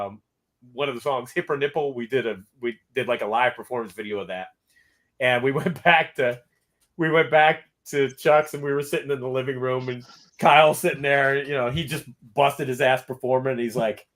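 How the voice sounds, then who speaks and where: A man hosting a podcast, telling a story in a casual way and quoting people in lively voices. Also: medium pitch. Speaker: podcast host.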